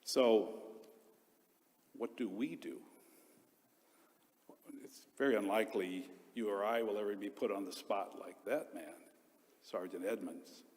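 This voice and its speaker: A man preaching a homily as a deacon, telling the story earnestly in short, paused phrases. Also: on the low side, darkish tone. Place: church. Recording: long church reverb.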